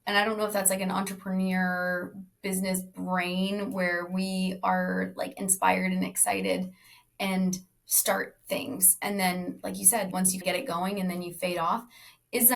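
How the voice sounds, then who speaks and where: A woman hosting a casual podcast conversation, asking curious questions and musing, sometimes dropping her voice very low. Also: steady tone, moderate pace, gravelly. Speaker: podcast host.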